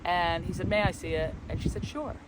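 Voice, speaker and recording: Brisk and steady in tone, a man with a high-sitting voice co-hosts a spiritual travel vlog from a windy forest. He rambles through a relaxed story and voices the dialogue himself, with light wind and outdoor background noise audible.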